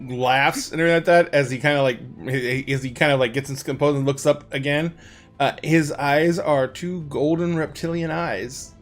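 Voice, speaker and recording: A man's voice: a little high, fairly even intonation, moderate pace, faint music behind. A man narrating a tabletop role-playing game as game master, loose and full of fillers. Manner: loose, filler-heavy narration with frequent laughing.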